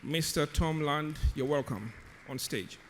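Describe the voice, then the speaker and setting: A man serving as emcee, formally reading out a speaker's introduction in a measured way. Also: fairly high pitch, slight background noise. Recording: long hall reverb.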